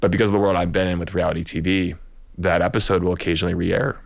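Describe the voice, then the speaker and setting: A man hosts a podcast with a very low, gravelly voice, and he speaks candidly, stopping and restarting as he works through his thoughts. He is recorded close up in a dry space. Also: level tone, no room sound. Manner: candid, halting, confessional. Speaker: podcast host. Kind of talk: conversational podcast interview.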